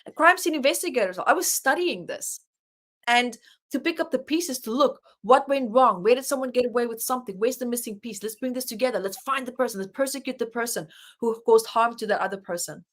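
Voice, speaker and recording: A woman's voice: fairly high pitch, fairly quick. Earnest woman telling a personal story. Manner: earnest, emphatic, acts out her own inner dialogue. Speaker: guest, author and life coach.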